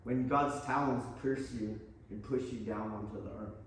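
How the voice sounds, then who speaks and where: A man's voice: medium pitch, fairly even intonation, moderate pace. A man teaching an aikido class, blunt and profane, pressing his students with challenging questions. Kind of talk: mat-side teaching talk. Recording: very echoey hall, voice from far off.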